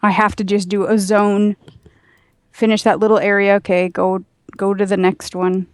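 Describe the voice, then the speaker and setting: A woman playing along on a livestream, chatting casually in a low-key way with short replies that trail off. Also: little pitch movement, normal speed, no echo. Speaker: co-player. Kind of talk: casual gameplay chat.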